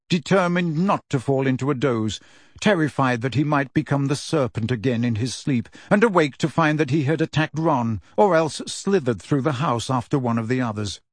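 Reading an audiobook from a script, a mid-range male narrator keeps his storytelling calm and even. The studio recording is clean, with no echo.

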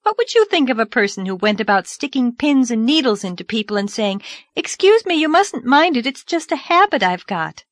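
A woman voicing an earnest, dreamy young girl in an audiobook, lively and reproachful. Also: fairly high pitch, a little fast, no echo, pitched above the performer's own voice. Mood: animated. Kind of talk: audiobook character voice.

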